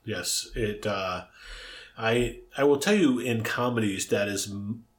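A man's voice: fairly low pitch, takes it slowly. A man co-hosting a comedy podcast, chatting casually, reacting eagerly and agreeing often. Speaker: podcast co-host.

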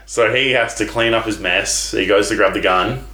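A man's voice: on the low side, moderate pace, pushed and bright, reverberant. A man in casual chat, rambling through a movie plot and acting out the characters' lines.

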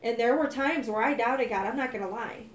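Woman giving a heartfelt, emphatic testimony; somewhat high voice, recorded in an echoey room. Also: fairly quick, slight background noise. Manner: earnest, emphatic, grows heated when quoting herself. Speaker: wife sharing testimony. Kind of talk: casual faith testimony.

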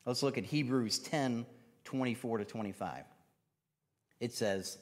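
A man's voice: medium pitch, a little slow, pauses often. A man preaching a casual, conversational sermon in church, using plenty of fillers. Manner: casual, chatty, with many fillers.

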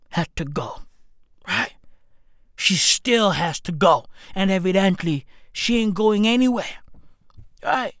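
A man's voice: very high-pitched, pushed and bright, dry recording, clean studio sound. A man from Africa, delivering a profane, emphatic comedic rant that circles back on itself and keeps calling the listener bruv.

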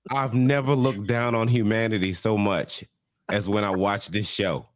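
A man's voice: fairly low pitch, normal speed, dry recording, studio quality. A man co-hosting a podcast, recapping a reality show in profane, exasperated casual banter. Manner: profane, exasperated, animated storyteller. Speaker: podcast co-host.

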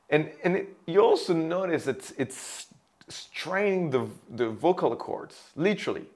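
A man teaching how to place the voice for sales, explaining with a pen example in an animated way. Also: a little high, a little slow. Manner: animated, demonstrates loud and whispered voices. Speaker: voice and sales coach. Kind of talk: teaching monologue.

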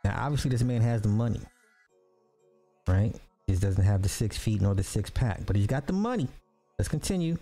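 A man with a mellow, darker voice hosts a social commentary podcast. He reads messages aloud slowly and theatrically, then cuts in with blunt asides. Faint music plays underneath. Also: fairly low pitch, expressive. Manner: reads dramatically with mocking asides. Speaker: podcast host.

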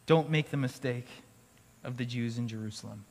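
Pastor preaching in a reverberant hall. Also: male voice, mid-range voice, moderate pace, a little mellow. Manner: conversational preaching with restarts and light laughs. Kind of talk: sermon. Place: school auditorium used for church gathering.

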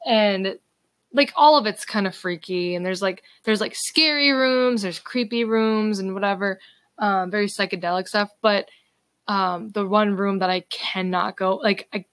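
A woman's voice: medium pitch, normal speed, a bit bright, dry recording. Giggly young woman losing her voice. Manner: giggly and chatty. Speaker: podcast co-host. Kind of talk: casual chat.

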